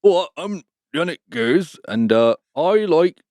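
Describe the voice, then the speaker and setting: Man doing squeaky mocking band-member bits, loud and silly. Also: animated, takes it slowly, no echo, clean studio sound. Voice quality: loud, jokey, high-pitched parody. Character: mock band members in joking accents.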